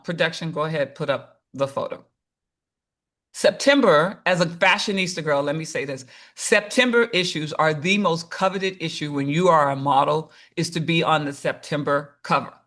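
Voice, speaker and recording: A woman in her fifties hosting a podcast, chatting casually and telling animated stories with quoted voices. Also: low-pitched. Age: 50s. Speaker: podcast host. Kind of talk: casual chat.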